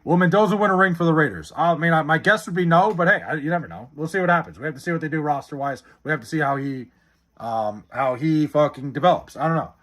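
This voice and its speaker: A man's voice: a little high, expressive, fast, fairly bright tone. A man casually chatting on a live stream, reading chat messages and answering with profane, sarcastic banter.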